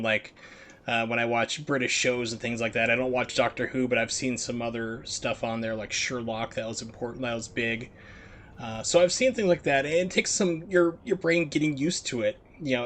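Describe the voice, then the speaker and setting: A man's voice: mid-range voice, a bit bright, slight background noise. An American man streaming a video game, chatting casually and rambling with lots of fillers. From United States. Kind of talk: casual chat while gaming.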